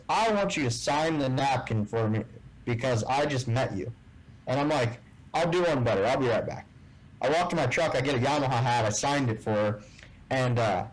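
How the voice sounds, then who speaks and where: A man as a guest in a casual interview, telling a story and acting out the dialogue with lively shifts in voice. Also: mid-range voice, normal speed, rough recording. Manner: animated storyteller who acts out quoted dialogue. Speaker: guest, tournament bass angler.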